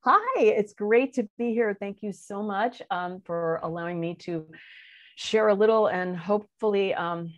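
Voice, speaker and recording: A woman's voice: mid-range voice, expressive, unhurried, lo-fi sound. A woman, a guest actress, speaking eagerly in an interview.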